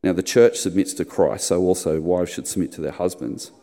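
A middle-aged man preaching a sermon as a pastor, telling personal stories and putting on squeaky voices in them. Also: brisk, warm tone. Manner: storytelling, acts out squeaky high voices in anecdotes. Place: church hall. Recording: long hall reverb.

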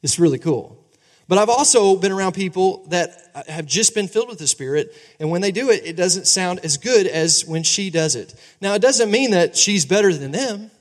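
A man in his thirties preaching a sermon as pastor, animated and conversational, often asking the congregation for agreement. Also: high voice, normal speed. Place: church sanctuary. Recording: long reverb of a large hall.

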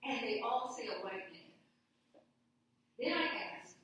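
A woman's voice: on the high side, lively intonation, a little slow, fairly bright tone. Emphatic woman in an echoey room. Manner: emphatic, storytelling, repeats key phrases. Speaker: law professor guest. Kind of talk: passionate conversational interview. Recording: echoey room, distant mic, faint noise.

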